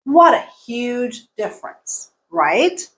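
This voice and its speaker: A woman presenting an English language lesson to learners, speaking clearly and deliberately and leaning on key words. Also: fairly high pitch, big pitch swings, a bit bright. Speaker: English teacher.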